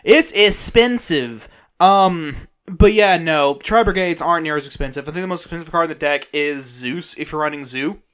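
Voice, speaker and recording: Man, from the USA, podcast co-host, hesitant, fairly high, bright tone. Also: normal speed, clean tone. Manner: hesitant, lots of ums. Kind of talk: casual chat.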